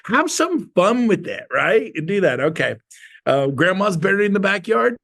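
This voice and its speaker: A man's voice: on the high side, normal speed, vocal fry. A man giving a sales talk to an audience, telling stories in a punchy, playful, folksy way and acting out the dialogue. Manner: animated storyteller acting out dialogue. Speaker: motivational sales speaker.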